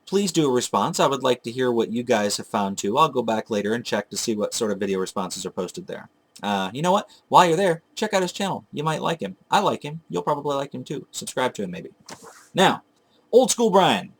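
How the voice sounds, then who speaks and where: A man's voice: mid-range voice, big pitch swings, brisk, slightly rough. A man telling a long, digressive story about hunting for old video games, chatting casually to his viewers and correcting himself as he goes. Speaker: retro game collector vlogger. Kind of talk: casual rambling storytelling to camera.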